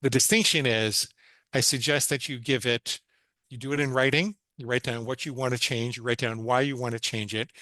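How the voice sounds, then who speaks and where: A man's voice: mid-range voice, steady tone, normal speed, sharp tone, no room sound, rough recording. Psychologist guy on a podcast, earnest, walks you thru it step by step, dry sound, mid voice. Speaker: psychologist guest. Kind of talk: podcast interview, explaining techniques.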